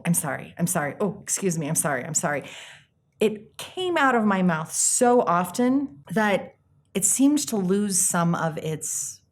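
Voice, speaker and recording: A woman life coach giving an earnest, reflective self-help talk, pausing often and acting out little quotes. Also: medium pitch. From United States.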